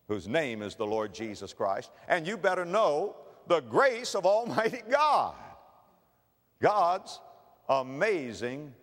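A man preaching an impassioned sermon, swinging between loud appeals and hushed words. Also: fairly high pitch, very animated, normal speed. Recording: echoey hall, long reverb.

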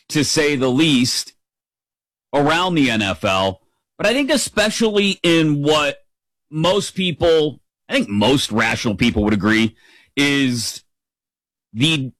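A man's voice: medium pitch, a bit bright, dry recording, rough recording. A middle-aged man hosting a sports talk radio show, upbeat and playful as he rambles through the day's news.

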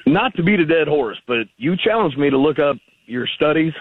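A man calls in to a radio show over a tinny, narrow phone line, his voice gravelly with a steady fry. He argues his point persistently, rambling through loose sentences. The line sounds dry, without any room echo. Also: fairly high pitch, moderate pace. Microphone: telephone.

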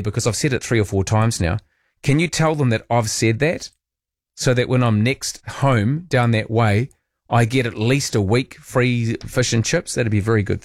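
A man's voice: mid-range voice, dry recording, studio quality. A man with a New Zealand accent hosting talk radio, musing aloud in a chatty way and tossing in rhetorical tag questions. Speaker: radio host. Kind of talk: casual talk radio monologue.

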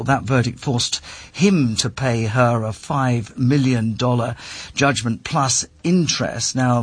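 A man reading a news report in a measured way. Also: medium pitch, slightly rough, dry recording.

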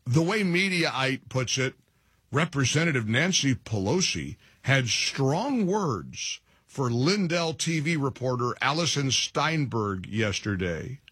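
A middle-aged man hosting a talk radio show, mocking and animated, laughing at his own jokes. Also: mid-range voice, slow, breathy edge, no echo, studio quality. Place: radio studio.

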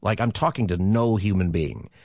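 A man with a lowish, darkish voice talks at a moderate pace as the pastor hosting a call-in radio show, chatting into a studio microphone. He laughs easily and keeps repeating the phone number during the casual call-in chat. The recording is dry with no room sound, and its highs are cut off.

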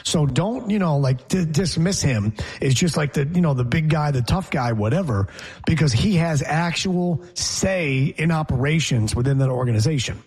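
Husky, animated male sports host. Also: fairly high pitch, normal speed. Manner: animated, opinionated, reads show rundown. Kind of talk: casual sports talk.

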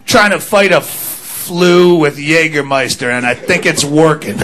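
A man's voice: on the high side, a little slow, a bit bright. A man doing crude, rambling stand-up while sick with the flu, recorded live in a club. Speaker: stand-up comedian. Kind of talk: stand-up comedy.

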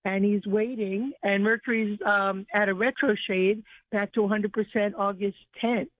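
A woman's voice: medium pitch, steady tone, moderate pace, no echo. A woman calling in to a radio show, speaking steadily with an informative tone and the occasional filler. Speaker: caller. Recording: tinny phone line.

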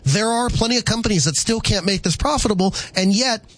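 High-voiced man hosting call-in radio. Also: fast, fairly bright tone, dry recording. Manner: thinks aloud, restarts sentences. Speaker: radio talk show host.

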